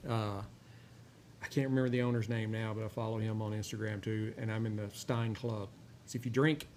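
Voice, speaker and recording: A gravelly-voiced man chats casually while he reviews a cigar. He drawls and rambles, filling pauses with "uh." Faint noise hums under his voice. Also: fairly low pitch. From Texas. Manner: rambling, relaxed, many "uh" fillers. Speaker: host of a cigar and whiskey review show.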